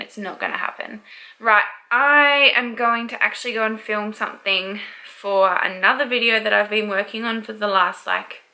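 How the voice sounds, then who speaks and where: A woman's voice: fairly high pitch, sharp tone, rough recording. A young woman in her twenties chatting candidly to camera at home in a casual vlog. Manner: chatty and candid, with frequent fillers. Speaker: vlogger.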